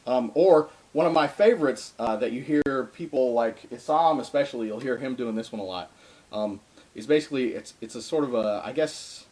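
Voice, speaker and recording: At home with his drum, a young man teaches a relaxed darbuka lesson, pausing to play between phrases and filling his speech with ums and uhs. His voice is medium in pitch and darkish in tone, and he keeps a moderate pace.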